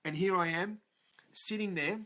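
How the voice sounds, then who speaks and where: Aussie male, emotional first-person storyteller, coarse and unpolished, voice a touch higher than most men. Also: measured pace, sharp tone. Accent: Australian. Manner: raw, profane, emotional, frequent "yeah?" tag questions. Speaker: motivational vlogger.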